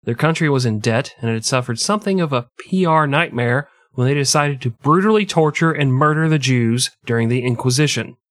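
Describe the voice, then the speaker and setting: A man's voice: medium pitch, expressive, a little fast, few pauses, no room sound, studio quality. A man co-hosting a podcast, telling history as crude, joking comedy and putting on mock voices. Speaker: podcast co-host.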